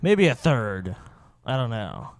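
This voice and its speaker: A man's voice: mid-range voice, wildly swooping pitch, slow pace, creaky, no room sound. A man from Louisiana on a podcast, blunt and mocking in casual chat. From Louisiana, USA. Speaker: podcast regular.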